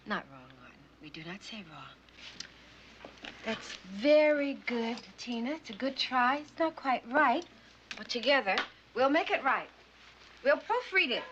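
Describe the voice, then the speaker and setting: An actress playing a firm, devoted schoolteacher who patiently encourages struggling children. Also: female voice, high voice, lively intonation, unhurried, fairly bright tone, a little hiss or hum. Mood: gently firm. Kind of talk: film drama acting. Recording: slightly dull film soundtrack.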